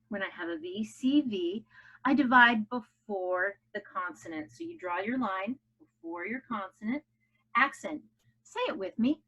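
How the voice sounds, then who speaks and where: A woman's voice: medium pitch, sharp tone. A woman teaching a phonics lesson to children, upbeat and coaxing them to chant along. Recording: dull lo-fi home video audio.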